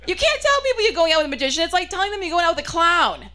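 A young woman performing a stand-up comedy set, chatty and self-mocking, with punchy delivery and quick asides. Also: extremely high pitch, big pitch swings, sharp tone.

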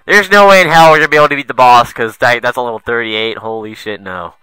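A young man doing let's play commentary, excitable and foul-mouthed, muttering asides and then yelping at the game. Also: medium pitch, quick pace, clear, resonant tone, dry recording, poor audio. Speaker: gamer.

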